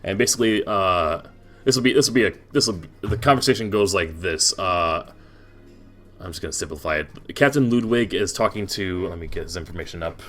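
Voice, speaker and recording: A man's voice: low voice, brisk, fairly bright tone, soft background music. A young man narrating a tabletop game as game master, rambling with many restarts and fillers.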